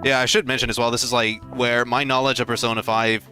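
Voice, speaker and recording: A man joining a let's play as guest, chatting in a relaxed, amused way about the game. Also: medium pitch, fast talker. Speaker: guest co-commentator. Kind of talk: casual gameplay commentary. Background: game music.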